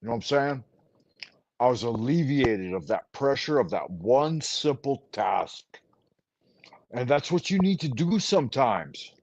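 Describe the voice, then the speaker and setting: A man's voice: mid-range voice, lively intonation, a little slow, a little mellow, highs cut off. A man hosting a casual chat, giving a profane, rambling pep talk over a remote call. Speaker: host.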